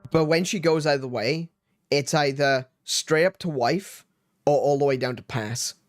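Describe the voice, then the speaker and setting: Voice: medium pitch, measured pace. A stream host chatting casually, often restarting sentences and laughing.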